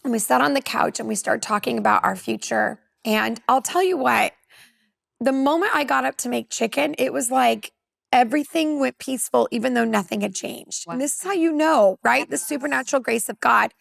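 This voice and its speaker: A woman in her forties from California, a women's pastor, telling a personal testimony on a talk panel as a lively storyteller who acts out dialogue. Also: fairly high pitch, a little fast, vocal fry, no echo, clean studio sound.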